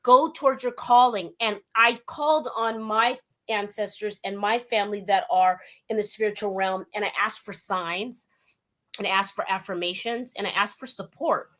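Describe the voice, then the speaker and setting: A woman from Southern California hosting a casual talk show interview, animated and laughing often, calling her guest "dear". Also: mid-range voice, normal speed.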